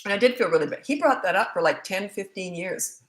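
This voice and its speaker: A middle-aged woman talks as a parenting coach in a casual question-and-answer session, her voice at an ordinary pitch for a woman. She is blunt and joking and wanders into side remarks. The recording carries a roomy echo. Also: lively intonation, a little fast. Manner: blunt, joking, rambling with asides. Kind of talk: casual Q&A monologue.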